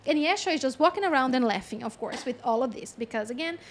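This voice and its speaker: A woman channeling a story in a chatty, animated way, with lots of fillers and frequent laughs. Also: sits high, fast. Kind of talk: casual storytelling.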